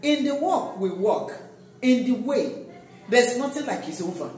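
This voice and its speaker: A pastor preaching a sermon, swinging between loud exhortation and quiet asides. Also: medium pitch, expressive, a little slow. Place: large echoey church hall. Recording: echoey church hall from far off.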